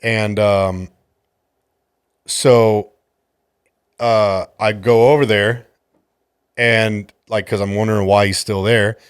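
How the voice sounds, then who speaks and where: A man's voice: lowish voice, steady tone, slow, pauses often, clear, resonant tone, no echo, clean studio sound. A man hosting a podcast, a jiu-jitsu coach telling a story in a casual, exasperated and profane way.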